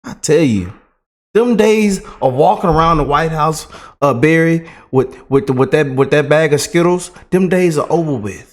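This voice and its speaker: A man's voice: fairly high pitch, expressive, normal speed. Man, vlogger, casual rant, colloquial, repetitive phrasing. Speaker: political commentary vlogger. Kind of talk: casual ranting commentary.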